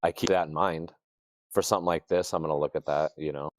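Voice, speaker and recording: A man's voice: very deep voice, fairly even intonation, fast talker. A man talking trading charts in a loose, rambling casual chat. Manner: rambling, loose, uses hunting analogies. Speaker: trader.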